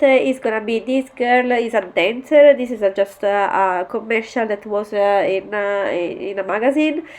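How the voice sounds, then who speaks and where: A woman with a congested, nasal voice from a cold, talking casually through an art tutorial with many hesitant "uh" fillers. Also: on the high side. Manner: halting, with frequent "uh" fillers. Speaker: art journal tutorial host. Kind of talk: casual narration over a crafting tutorial.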